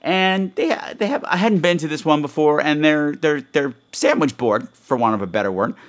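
A man's voice: on the high side, normal speed. A man hosting a podcast in a frenetic, rambling and self-mocking solo monologue. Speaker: podcast host.

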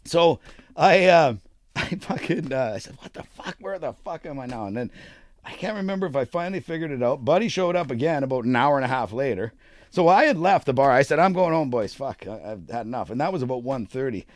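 A man's voice: mid-range voice, expressive, a little fast, no room sound. A middle-aged man telling a rambling, profane story in a casual podcast chat, laughing often. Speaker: podcast co-host.

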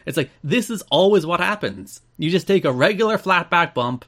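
A man's voice: fairly high pitch, lively intonation, quick pace, hardly any pauses, fairly bright tone. An Irish man co-hosting a podcast, reading wrestling news and chatting with dry, wry asides. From Ireland. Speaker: podcast co-host.

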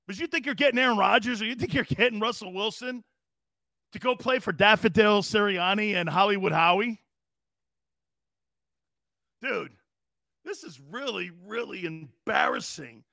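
Brash, gravelly sports talk host. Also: male voice, sits high, animated, a little slow, long pauses, sharp tone, dry recording, studio quality. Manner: brash, mocking, profane. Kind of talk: sports talk show rant.

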